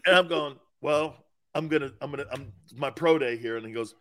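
A man co-hosting a sports talk show, an ex-player telling excited stories and laughing through them in casual chat. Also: a little high, normal speed. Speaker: co-host, former football player. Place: podcast studio.

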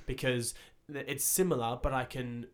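A man's voice: medium pitch, steady tone, moderate pace. A young man hosting a casual podcast chat, rambling and swearing loosely as he thinks aloud. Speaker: podcast host.

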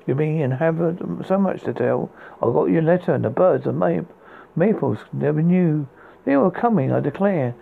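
Gravelly man reading poems over a tinny line. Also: on the high side, expressive. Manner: halting, stumbles and restarts words. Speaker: podcast host. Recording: tinny phone-like sound with faint hiss.

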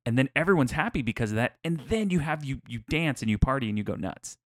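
Excited dude cohost, talks it up, dry close sound. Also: male voice, mid-range voice, fast talker, dry recording. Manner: enthusiastic, emphatic. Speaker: podcast co-host. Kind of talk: casual chat.

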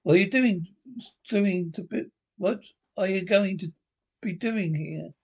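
An actor playing a stuffy, fussy immigration officer in a 1970s film comedy, speaking in a prim, officious way. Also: male voice, high-pitched, measured pace, gravelly, darkish tone, slightly rough, exaggerated voice.

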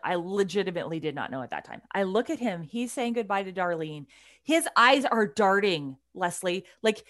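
A woman in her forties tells a story in casual conversation. Her pitch swings widely as she talks, and she stays blunt and animated, dropping swear words and starting parts of the story over. Her voice sits in a middle register. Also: moderate pace.

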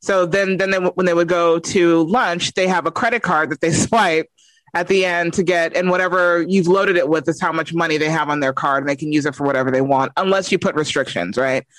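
A woman's voice: on the low side, brisk, dry recording. A mother telling a story about her young daughter in a casual chat, acting out both sides of the dialogue. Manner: expressive, acts out the dialogue. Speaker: mother, podcast guest.

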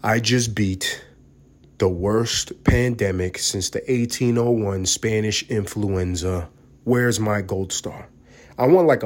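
This podcast host is a young adult from New York, USA, delivering a rambling, foul-mouthed casual monologue. His pitch is fairly low, and he's recovering from the flu. His volume lurches from loud to mumbled.

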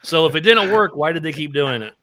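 A man's voice: a little high, expressive, fairly quick, a loud crowd. A man co-hosting a casual podcast, reading odd word origins and telling old jokes with a laugh. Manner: tells jokes and stories, laughs often. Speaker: podcast co-host. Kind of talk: casual chat.

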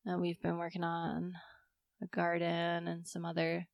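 A woman's voice: lowish voice, completely flat delivery, measured pace, gravelly, no room sound, clean studio sound. A woman co-hosting a casual podcast, chatty and giggly, with lots of fillers. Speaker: podcast co-host. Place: home office in summer heat.

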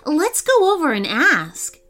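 A woman's voice: sits high, huge pitch swings, takes it slowly, sharp tone, faint music behind, pitched above the performer's own voice, exaggerated voice. A woman doing an eager young boy. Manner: eager and helpful. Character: brave, kind young boy on an adventure.

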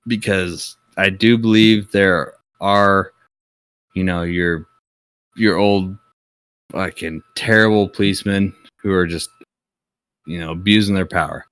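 Deep-voiced man ranting bluntly. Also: fairly even intonation, measured pace, long pauses, a bit bright, clean tone, no room sound. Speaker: podcast co-host. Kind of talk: casual chat.

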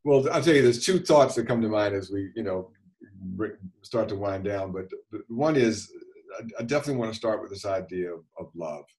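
A man, a physician guest on a podcast, speaking in a measured, thoughtful, reflective way. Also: on the low side, animated, darkish tone, rough recording. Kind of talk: reflective interview talk.

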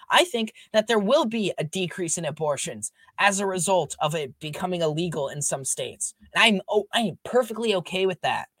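A young adult man, a podcast guest, chats casually and earnestly, filling his sentences with "like." His voice sits high with a fairly bright tone and no echo.

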